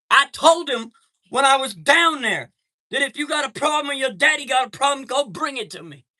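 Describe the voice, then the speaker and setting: A man's voice: very high-pitched, pushed and bright. A man hosting a live stream, telling a heated story in a profane, streetwise way and greeting viewers from chat.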